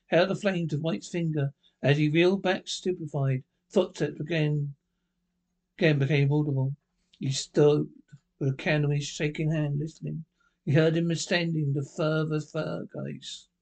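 Man reading a ghost story haltingly. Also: fairly high pitch, fairly even intonation, a little mellow. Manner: halting reading with misreads and restarts. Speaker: narrator.

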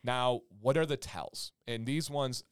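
A man in his thirties co-hosting a parenting podcast, telling stories with animated quoted voices and the odd swear word. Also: medium pitch, a little slow, smooth, dry recording, clean studio sound. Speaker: podcast co-host. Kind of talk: casual chat.

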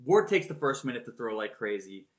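A man on a podcast retelling a boxing match blow by blow, animated and swearing freely. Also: medium pitch, fairly quick. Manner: animated, swears freely, acts out announcers' shouted calls. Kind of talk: casual storytelling chat.

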